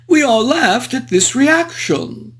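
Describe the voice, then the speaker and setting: Heavily acted and slow, a performer's high, expressive voice portrays a frivolous, foppish English aristocrat. He narrates a book review in character, using flowery, old-fashioned, genteel diction.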